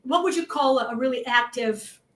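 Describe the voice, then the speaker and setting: A woman with a Massachusetts accent chatting about a true-crime case, animated and worked up, swearing at times. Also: sits high, brisk. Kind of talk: casual true-crime chat.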